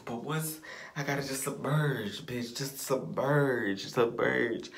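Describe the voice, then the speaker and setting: A man's voice: medium pitch, normal speed, vocal fry, roomy sound. A young man ranting to himself in a casual vlog, blunt and profane, repeating phrases as he pushes himself on. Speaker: vlogger. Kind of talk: casual self-talk rant.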